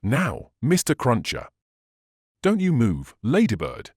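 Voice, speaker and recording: Casting: male reader voicing a fussy, blunt Englishwoman companion, lively and dry-sounding. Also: mid-range voice, slow, slightly rough, no echo, exaggerated voice. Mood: brisk.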